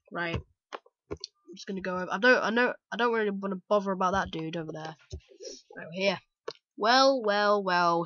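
A British woman chatting excitedly and rambling through gameplay commentary as the host of a let's play. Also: mid-range voice, no room sound, lo-fi sound. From Britain.

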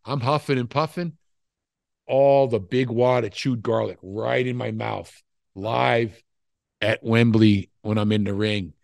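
Gravelly older man telling wrestling stories. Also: medium pitch, measured pace, no room sound, clean studio sound. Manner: profane, rambling, animated storytelling. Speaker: wrestling interview guest. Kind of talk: casual storytelling.

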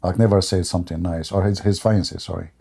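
Male debate host, husky and mellow, mocking tone, rambling storyteller who keeps chuckling. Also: low voice, steady tone, fast talker. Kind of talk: casual mocking monologue.

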